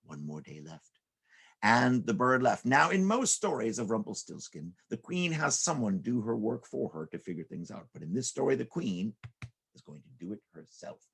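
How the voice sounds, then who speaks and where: A man's voice: fairly low pitch, big pitch swings, normal speed, gravelly, a bit bright, breathy edge. A man telling silly stories to children in a playful way, with sound effects and character voices. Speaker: children's storyteller. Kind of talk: storytelling for children.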